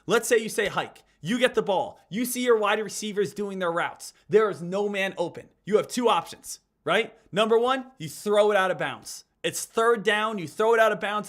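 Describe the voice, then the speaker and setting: A man hosting a live stock trading stream, talking energetically and directly to his viewers. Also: high-pitched. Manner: energetic, talks straight to viewers as "guys".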